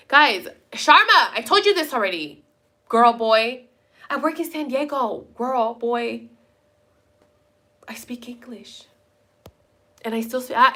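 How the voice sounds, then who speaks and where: A woman's voice: on the high side, sharp tone. A young woman hosting a live stream, chatting casually and answering viewer comments in a blunt way, swearing freely and slipping into Spanish now and then. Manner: bilingual, slips into Spanish. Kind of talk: casual chat, reading viewer comments aloud.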